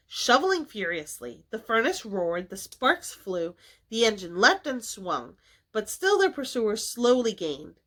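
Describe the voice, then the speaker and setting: A woman's voice: on the high side, a little slow. A woman reading a classic children's story aloud expressively for a library. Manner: expressive, animated. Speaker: children's book reader.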